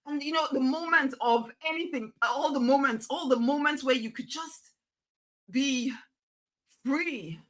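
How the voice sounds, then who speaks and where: A woman's voice: high voice, measured pace, poor audio. A woman giving an emphatic, repetitive motivational talk, coaxing her listeners to loosen up. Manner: emphatic, repetitive, coaxing, swings to soft near-whisper. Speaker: motivational speaker.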